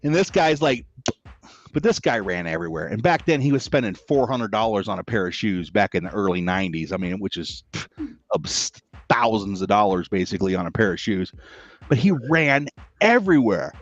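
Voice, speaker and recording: A man's voice: on the low side, moderate pace, highs cut off. A man hosting a podcast, swapping army stories in casual chat and acting out what people said. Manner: animated storyteller acting out quotes. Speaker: podcast host.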